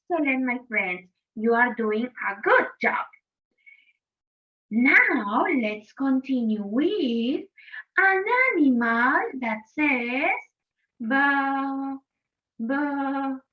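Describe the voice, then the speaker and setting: Woman, teacher, children's lesson, lively pitch, very slow pace, lo-fi distant sound. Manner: slow, sing-song, exaggerated delivery. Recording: distant, dull lo-fi recording.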